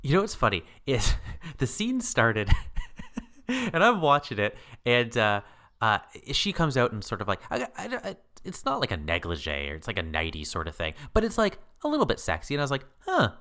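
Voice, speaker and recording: A man co-hosting a podcast in casual chat, animated and laughing often, jumping high when he quotes himself. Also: moderate pace. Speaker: podcast co-host.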